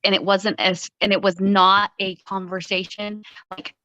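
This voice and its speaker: Bright blunt woman, lo-fi. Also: mid-range voice, level tone, measured pace, no echo. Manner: blunt, playfully passive-aggressive. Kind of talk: casual chat.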